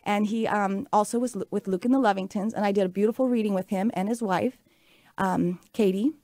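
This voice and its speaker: A woman's voice: medium pitch, fairly even intonation, fairly quick, dark tone, no echo. A woman in her late forties hosting a radio talk show, telling a personal story in an upbeat, earnest, chatty way. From Pacific Northwest US. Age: 40s. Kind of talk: casual radio monologue. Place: radio studio.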